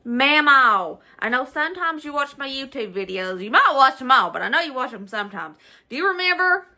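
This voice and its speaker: Bright-voiced Southern woman cooking. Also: high voice, expressive, brisk. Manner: nostalgic, emotional, laughs often. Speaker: cooking vlogger. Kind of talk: casual chatty cooking vlog.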